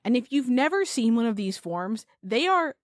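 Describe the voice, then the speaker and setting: A woman's voice: a little high, very animated, moderate pace, no room sound, studio quality. A woman co-hosting a podcast in casual chat, blunt and sarcastic, with frequent swearing. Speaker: podcast co-host.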